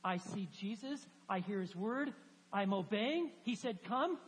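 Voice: mid-range voice, expressive, measured pace, slightly rough. A preacher voicing an apostle who steps out of a boat onto the water, earnest and wondering. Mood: awed. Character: bold apostle stepping onto water in faith. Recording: long hall reverb, faint hum.

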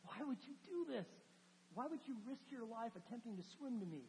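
A man's voice: very high-pitched, big pitch swings, brisk, mellow, a little hiss or hum, heavily acted. A man voicing an anxious young male hobbit, urgent and pleading, in a raised voice. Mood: bewildered. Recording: long church reverb.

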